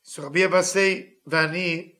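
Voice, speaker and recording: Guy teaching live, reads a line then translates it in broken english, quick and bright, kinda high voice. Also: steady tone. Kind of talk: live text lesson, reading and translating.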